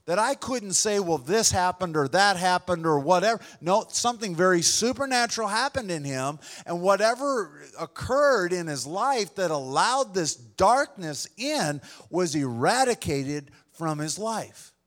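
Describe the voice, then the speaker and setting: A man's voice: high-pitched, lively intonation, unhurried, few pauses, fairly bright tone. Earnest storytelling male pastor. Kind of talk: sermon. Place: room with a congregation.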